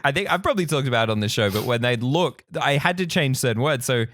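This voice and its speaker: A man with a soft Australian accent co-hosting a theme park podcast in casual, animated chat. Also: medium pitch, dry recording, clean studio sound. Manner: animated, laughs often, quick tangents. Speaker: podcast co-host.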